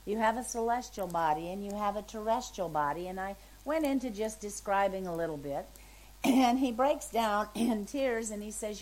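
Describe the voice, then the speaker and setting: A woman's voice: medium pitch, normal speed, poor audio. A woman in her seventies, a minister, telling an emotional testimony story and voicing the people in it. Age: 70s. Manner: emotional, animated storytelling with quoted voices.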